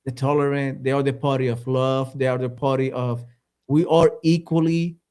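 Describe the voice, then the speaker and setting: A man's voice: mid-range voice, flat delivery, moderate pace, dark tone, clear, resonant tone. Blunt man in casual podcast chat. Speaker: podcast co-host.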